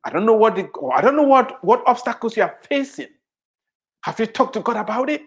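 A preacher in full sermon mode, with a voice whose pitch rises and falls in wide, animated swings. The delivery is emphatic and driven by repetition, circling back to key phrases again and again. Rhetorical questions are thrown out to the congregation throughout. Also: fairly quick.

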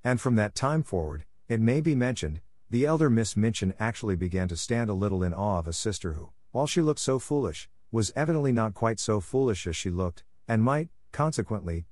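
A man narrating a classic story aloud in a steady, measured reading voice, recorded close. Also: lowish voice, no echo. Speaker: audiobook reader.

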